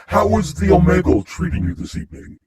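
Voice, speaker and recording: A man's voice: sits high, very animated, normal speed, a little mellow, slightly rough. A man in casual video chat whose voice runs through a voice changer, joking and laughing as he talks to strangers. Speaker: host chatting with strangers online. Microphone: computer mic on a video chat.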